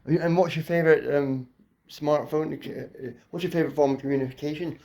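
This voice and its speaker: Rambling comedian with wordplay. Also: male voice, mid-range voice, a little fast, gravelly, darkish tone. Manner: playful, silly wordplay, slips into daft voices. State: dry mouth. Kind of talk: rambling improvised comedy monologue.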